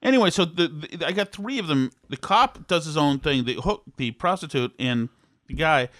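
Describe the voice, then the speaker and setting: A man from Massachusetts co-hosting a podcast, telling a long anecdote in a rambling, animated way. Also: fairly high pitch, moderate pace, dry recording, clean studio sound. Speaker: podcast co-host. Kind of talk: casual chat, storytelling.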